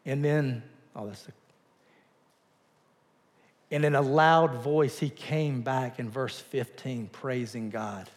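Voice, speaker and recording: A male pastor giving a conversational sermon in a church, asking the congregation questions and dropping to a quiet voice for emphasis. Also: mid-range voice, steady tone, slow pace, pauses often, big-room sound.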